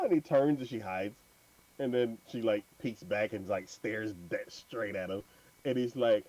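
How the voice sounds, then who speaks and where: A man's voice: mid-range voice, moderate pace, dry recording, muffled recording. A man hosting an anime podcast, retelling an episode in casual chat with lots of fillers and laughter. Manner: animated storytelling with many fillers and laughs.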